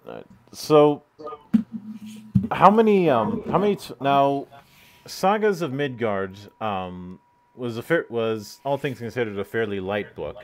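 A man's voice: mid-range voice, animated, a little slow, a little mellow. A man hosting an interview over a video call, hesitant and full of fillers, swearing casually. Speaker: interview host.

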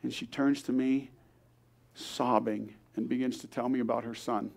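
A man's voice: mid-range voice, steady tone, moderate pace, gravelly, darkish tone. An older man, a grandfather, telling an earnest story at a church service, acting out the voices of the people he quotes. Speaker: guest speaker.

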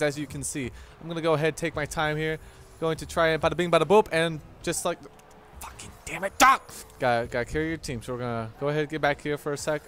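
A young man hosting his gaming channel, giving excitable, mock-instructional commentary over gameplay with frequent swearing and outbursts. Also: a little high, slight background noise.

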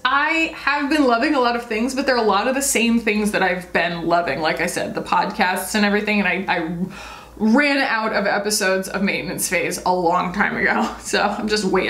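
A woman in her thirties, a beauty vlogger, chats casually about her monthly favorites, rambling and poking fun at herself. Her voice is medium-pitched with a fairly bright tone, and the recording has a roomy echo.

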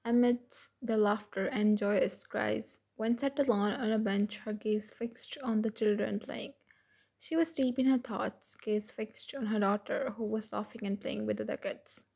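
A woman's voice: mid-range voice, steady tone, unhurried, vocal fry, a little mellow, husky. A woman narrating a fan fiction story and reading all the parts in her own voice. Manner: reads every part in her own voice.

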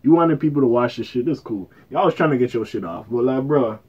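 A man's voice: mid-range voice, animated, brisk, few pauses, darkish tone, breathy edge, lo-fi sound. Blunt, profane young man ranting. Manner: profane, blunt, exasperated, swinging from mutters to outbursts. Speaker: YouTube commentator. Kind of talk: casual rant commentary.

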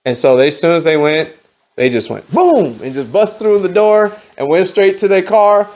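A man preaches a testimony at a home fellowship gathering, his voice sitting a little high for a man. He tells it in a lively, slangy storyteller's way, acting out each person's lines as he goes. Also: normal speed. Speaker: lay preacher. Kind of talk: testimony sermon.

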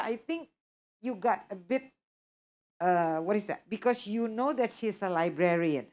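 Slow-speaking woman teaching. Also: mid-range voice. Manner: checks understanding often, repeats words. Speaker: test preparation instructor. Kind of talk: live workshop Q&A.

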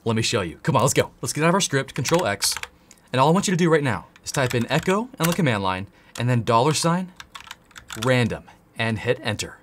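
A man runs a casual coding lesson, swinging his pitch up and down as he jokes with the viewer. Typing clicks now and then behind him. A faint hiss sits under the voice. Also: big pitch swings, a little fast, a bit bright. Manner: playful, jokey, talks straight to the viewer. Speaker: tech course host. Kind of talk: energetic screen-share tutorial.

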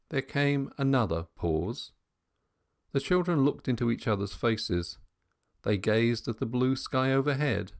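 A man reading an audiobook in a measured storytelling manner. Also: medium pitch, expressive, vocal fry. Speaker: audiobook narrator. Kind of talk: scripted narration.

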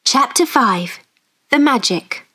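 Slow clear woman storyteller. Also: high voice, animated, pushed and bright. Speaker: story narrator. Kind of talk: slow graded-reader narration.

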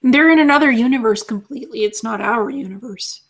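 A woman channeling as an alien being, calmly teaching and repeating her lessons as numbered lists. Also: a little high, fast.

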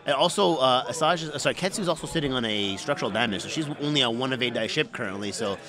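A man commentating a tabletop game live at a convention with dry, deadpan sarcasm. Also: mid-range voice, fast talker. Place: convention hall. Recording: crowd noise behind. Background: crowd chatter.

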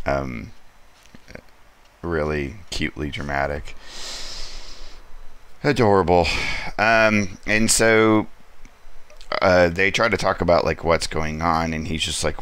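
A man's voice: rumbling low, normal speed, a bit bright. A man hosting a casual comic book review, rambling through the story with lots of fillers and an amused tone.

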